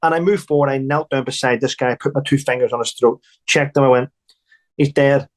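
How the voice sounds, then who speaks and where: A man's voice: medium pitch, fairly even intonation, a little fast. A man, an army veteran, recounting war stories bluntly and emphatically, swearing and restarting.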